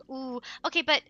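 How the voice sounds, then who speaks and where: A woman playing through a video game with excitable, giggly commentary. She sits high in her range with a bright, sharp tone. She gasps and coos at the in-game pets and chats freely to her viewers. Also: no room sound, highs cut off. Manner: excitable and giggly, gasping and cooing. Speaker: let's play streamer. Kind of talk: let's play commentary.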